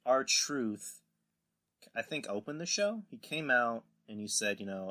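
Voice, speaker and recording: A man's voice: mid-range voice, expressive, measured pace, bright, forceful tone. A man hosting a casual podcast, rambling through recaps and acting out quotes in put-on voices. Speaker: podcast host. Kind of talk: casual wrestling podcast chat.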